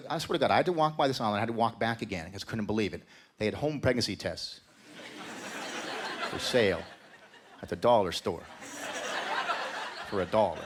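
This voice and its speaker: On a comedy club stage with a live crowd, a man from Canada rambles through crude stories and banters with the audience. He speaks at a medium pitch, with slight background noise.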